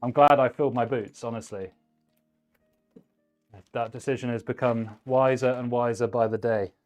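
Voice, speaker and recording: A man hosts a live stream and chats casually while he assembles computers. He gives blunt, practical advice and thinks out loud as he goes. Soft music plays faintly in the background. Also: mid-range voice, fairly even intonation, moderate pace. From United Kingdom. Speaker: livestream host, PC builder.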